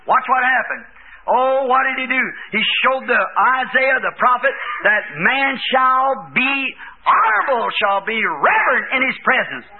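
A man preaching a revival sermon in a church service, fervent and hollering quotes with sudden shouts. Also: very high-pitched, animated, measured pace, slight background noise. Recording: tinny lo-fi old tape recording.

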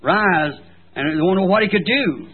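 A man's voice: high-pitched, lively intonation, normal speed, breathy edge. A middle-aged male pastor preaching a sermon, telling folksy stories and tossing in frequent "See?" asides. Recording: tinny old archival sermon tape.

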